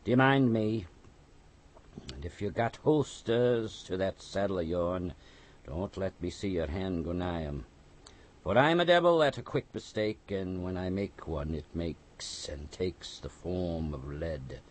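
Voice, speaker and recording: A man playing a gruff, armed coach guard. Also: low voice, lively intonation, a little slow. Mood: threatening. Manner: loud, commanding, threatening.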